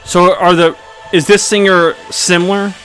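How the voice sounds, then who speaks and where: A man's voice: sits high, level tone, moderate pace, fairly bright tone, soft background music, low-quality recording. A young man co-hosting a podcast in casual chat, teasing and skeptical with frequent laughter. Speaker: podcast co-host.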